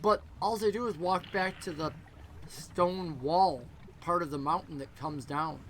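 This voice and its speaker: A male game master narrating a tabletop game with a rambling, animated delivery. His voice is high and bright, with a faint hiss behind it. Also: a little slow, rough recording.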